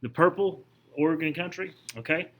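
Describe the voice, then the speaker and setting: A man's voice: a little high, moderate pace, fairly bright tone. A man teaching a history class, lecturing conversationally and asking his students questions as he points things out. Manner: conversational, asks the class questions, frequent restarts.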